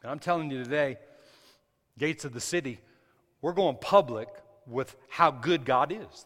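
Pastor guy preaching, kinda high voice, stumbles and restarts a lot, big echoey church. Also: lively intonation, moderate pace, fairly bright tone. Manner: emphatic preaching with repeated restarts. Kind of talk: sermon. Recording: hall reverb with faint music.

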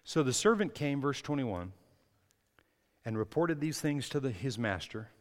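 A man preaching a sermon as pastor, swinging between soft words and loud, impassioned stretches. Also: mid-range voice, lively intonation, unhurried, in a large hall. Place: church.

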